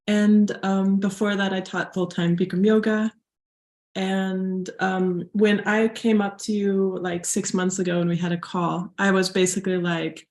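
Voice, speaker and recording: A woman's voice: medium pitch, little pitch movement, unhurried, a little mellow. Earnest American woman in a roomy echo. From United States. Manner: earnest, laughing, near tears at times. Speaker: guest, spiritual teacher and healer. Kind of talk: emotional personal story in an interview.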